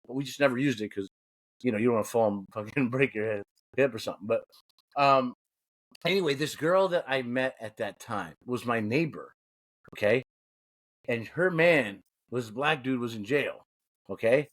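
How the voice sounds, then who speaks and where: A man's voice: medium pitch, normal speed. A man in his forties co-hosting a podcast, telling crude stories with lots of laughter and swearing. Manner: animated, laughing, profane storytelling. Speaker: podcast co-host. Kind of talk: casual podcast chat.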